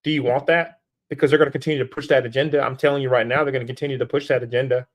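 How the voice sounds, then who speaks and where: A man's voice: medium pitch, fairly even intonation, rapid-fire. Urgent preachy man. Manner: urgent, preachy, repetitive restarts, rhetorical questions. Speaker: livestream host. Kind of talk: live-stream political exhortation. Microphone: streaming setup.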